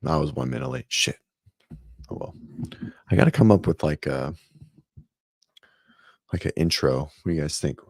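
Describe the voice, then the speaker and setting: A man's voice: deep voice, big pitch swings, normal speed, creaky, pauses often, darkish tone, no room sound, studio quality. A man hosting a casual morning fitness livestream from home, chatting loosely, greeting viewers by name and rambling as he goes. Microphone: desk microphone.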